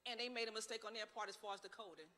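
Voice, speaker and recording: Impassioned woman, ringing bright voice. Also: mid-range voice, very fast. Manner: impassioned, storytelling, rhetorical questions. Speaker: political candidate. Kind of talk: campaign speech. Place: large church sanctuary. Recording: long church hall reverb.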